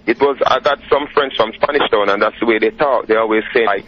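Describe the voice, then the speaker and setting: A Jamaican dancehall artist talking casually as an interview guest, relaxed and often asking "you know what I mean". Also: male voice, mid-range voice, fast, hardly any pauses, a little hiss or hum. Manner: laid-back, says "you know what I mean" a lot. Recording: dull lo-fi radio recording.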